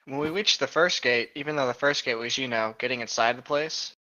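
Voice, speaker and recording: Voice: medium pitch, brisk, bright, forceful tone, no echo. A reader reading fan fiction aloud while sick, stumbling and laughing at the text. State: coughing, sick. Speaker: podcast reader. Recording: dull lo-fi mic.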